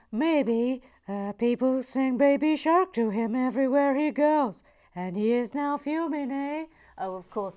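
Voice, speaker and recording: A woman hosting a relaxing build video, chatting softly through viewer comments, often dropping to a near whisper, with playful, gently silly asides. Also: mid-range voice, clean tone. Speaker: host of a relaxing build channel.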